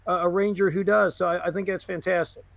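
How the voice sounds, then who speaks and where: Podcast co-host, male, high voice, loose and rambling, dry studio sound. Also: flat delivery, fast, creaky, dry recording. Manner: rambling, many fillers and restarts. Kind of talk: casual chat reviewing a game book.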